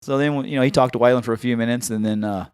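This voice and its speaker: Fast-talking man with a Tennessee accent. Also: medium pitch, clean tone, no room sound, clean studio sound. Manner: animated, acts out quoted voices. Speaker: podcast host. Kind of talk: casual storytelling chat.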